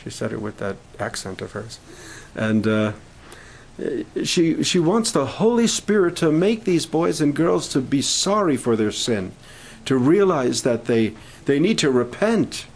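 Halting preacher man leading prayer. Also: mid-range voice, big pitch swings, gravelly, rough recording. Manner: halting, with many restarts, rising fervor. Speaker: minister leading a prayer meeting. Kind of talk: informal sermon and prayer request talk. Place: camp meeting room.

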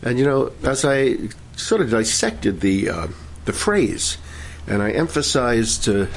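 A man leading worship and preaching a sermon, fervent in praise and gentle when he teaches. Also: medium pitch, animated, measured pace, slight background noise. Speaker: pastor.

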